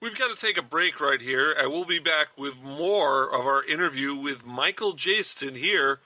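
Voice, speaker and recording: A man hosting a podcast, chatting upbeat with his guest and dropping quick agreeing interjections. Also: fairly high pitch, animated, sharp tone, no echo. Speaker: podcast host. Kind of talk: casual interview chat.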